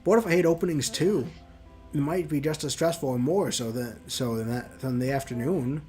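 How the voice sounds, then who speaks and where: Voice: mid-range voice, moderate pace, darkish tone, faint music behind. A game streamer chatting casually between voicing characters, self-mocking and loose. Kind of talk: live game commentary and voicing.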